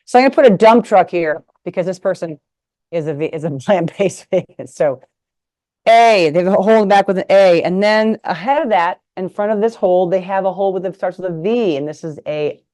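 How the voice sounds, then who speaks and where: Speaking a little fast in a low, mellow voice, a middle-aged woman from the United States presents live over a video call. A retired nurse and sex ed teacher, she sits indoors at a table, frankly and playfully joking through a lesson with props.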